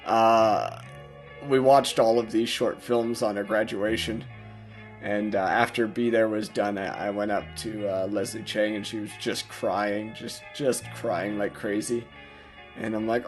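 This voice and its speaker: A young man giving a casual, self-mocking director's commentary, rambling with lots of filler words. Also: mid-range voice.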